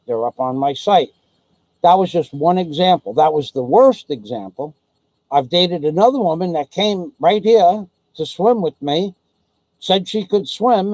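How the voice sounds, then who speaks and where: A man's voice: fairly high pitch, darkish tone, dry recording, low-quality recording. A man vlogging in an indignant, profane storytelling rant. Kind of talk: ranting monologue.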